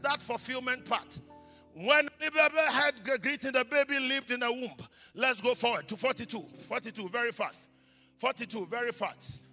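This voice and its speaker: A man delivers a sermon in a very high, bright voice. He moves from quiet scripture reading to loud shouted blessings, switching between English and Twi. His voice rings through a reverberant church hall over faint music. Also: moderate pace. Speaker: pastor.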